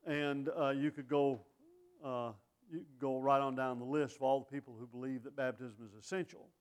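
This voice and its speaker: A man's voice: medium pitch, fairly even intonation, moderate pace. A middle-aged man preaching a sermon in a folksy, conversational way, full of asides and rhetorical questions.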